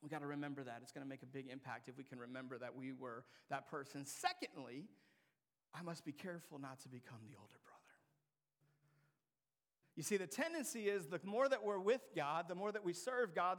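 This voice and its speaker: A young man with a high, gravelly voice delivers a sermon. He swings between quiet, hushed lines and loud, emphatic climbs as he preaches. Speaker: pastor.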